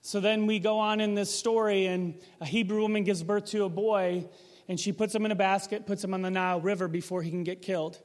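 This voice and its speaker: A man's voice: sits high, fairly even intonation, a little fast, long reverb tail. A man preaching a sermon in a casual, conversational way, asking the room rhetorical questions. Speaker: pastor.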